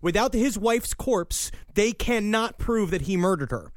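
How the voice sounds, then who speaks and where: A man co-hosting a casual true-crime podcast, jumping in with arguments and dark jokes. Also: high voice, a little slow, no echo, studio quality. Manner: animated, darkly joking. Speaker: podcast co-host.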